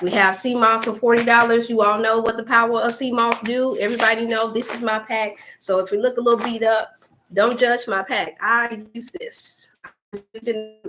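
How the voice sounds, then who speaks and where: A woman's voice: medium pitch, a bit bright, a little hiss or hum. A woman hosting a casual wellness livestream, talking chattily and directly to her viewers. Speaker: wellness coach and host.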